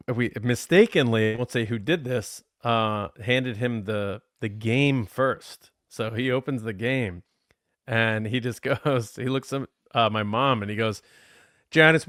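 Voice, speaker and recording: An American man co-hosting a podcast, telling stories in a relaxed, casual way. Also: mid-range voice, takes it slowly, no room sound, studio quality. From New York. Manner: relaxed storyteller, laughs between lines. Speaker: podcast co-host. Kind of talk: casual chat.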